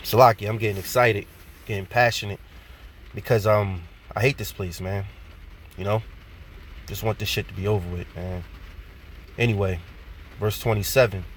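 A man giving an informal sermon. He reads scripture slowly, repeats his points and ends many phrases with "man". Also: fairly low pitch, steady tone, a little hiss or hum. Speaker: preacher.

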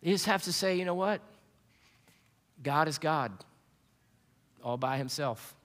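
A man's voice: on the high side, a little slow, fairly bright tone. A man preaching a sermon as pastor, telling stories earnestly with frequent restarts. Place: church sanctuary. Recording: long hall reverb.

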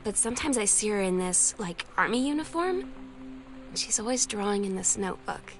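A woman's voice: medium pitch, animated, a little fast, slight background noise, close to an everyday voice. An actress voicing a shy teenage girl who confides about a crush in a hesitant, conversational video game voice-over. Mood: confiding. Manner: hesitant, conversational teen diary tone. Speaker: game narrator character.

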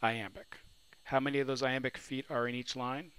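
A man's voice: medium pitch, flat delivery, normal speed, fairly bright tone, clean tone, low-quality recording. A man teaching a recorded lesson on poetry, asking his students questions and answering them himself. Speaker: literature teacher. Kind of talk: recorded lecture. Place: New Orleans.

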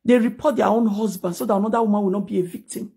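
A woman's voice: mid-range voice, fairly even intonation, rapid-fire, vocal fry, mellow. A Nigerian-accented mother scolding critics in a heated, confrontational live video rant, mixing English and Pidgin, recorded on a phone. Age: adult mother. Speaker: social media personality.

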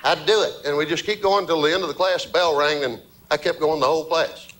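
A man's voice: fairly high pitch, a little fast, fairly bright tone, low-quality recording. A man from Georgia with a thick Southern accent, chatting as a guest comedian, self-deprecating and joking, laughing often. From Columbus, Georgia, US. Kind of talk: casual interview chat.

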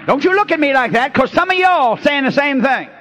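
Male revivalist preacher, soaring animated delivery, folksy storyteller, loud call-and-response sermon. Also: extremely high pitch, faint music behind. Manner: preaching with shouted, drawn-out refrains and folksy storytelling. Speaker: pastor. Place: church before a congregation.

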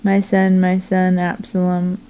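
A woman reading the lines of a grieving aged king in her own calm, even reading voice, slow and flat. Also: lowish voice, natural voice. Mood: mournful.

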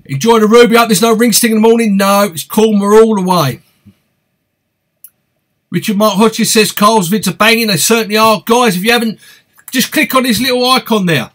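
With a high-pitched, slightly bright voice at a moderate pace, an East London man hosts a live fishing Q&A stream. He's chatty and upbeat, reads out what viewers write, and welcomes people by name.

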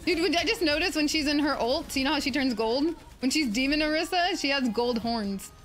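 A woman streaming a game, chatting casually, easily excited, swearing and laughing a lot. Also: sits high, a little fast. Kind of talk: casual live-stream gaming chat.

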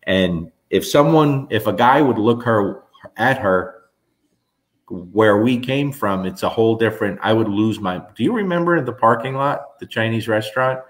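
A man's voice: on the low side, normal speed. A middle-aged man from New Jersey telling stories in a casual chat with viewers, rambling with restarts. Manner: animated storyteller, rambling restarts. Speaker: host.

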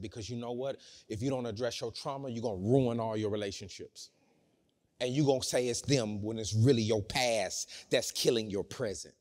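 Guy preaching, goes from shouting to hushed real quick, echoey church hall. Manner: dramatic swings from loud shouting to low hushed delivery. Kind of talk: sermon. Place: church sanctuary.

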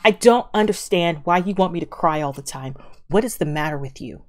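A woman's voice: on the low side, lively intonation, brisk, a little mellow. Profane woman reacting to a drama. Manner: profane, emphatic, talks back to the show. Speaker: reaction video host. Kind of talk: casual reaction commentary. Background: drama audio playing underneath.

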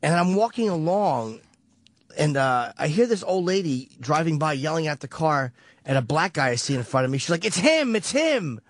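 A man's voice: fairly high pitch, moderate pace, no echo. A man on a radio show rambling through a long, profane story in casual talk. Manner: profane, rambling, vivid retelling.

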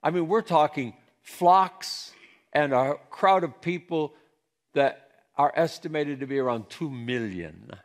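A male pastor from central Pennsylvania preaching a sermon, with emphatic swings between soft and loud passages. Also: on the high side, measured pace.

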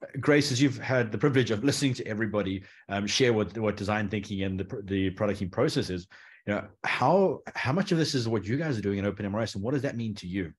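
Guy moderating a panel, low husky voice, friendly, trips over his words. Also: animated, fast. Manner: friendly, restarts. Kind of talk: panel discussion.

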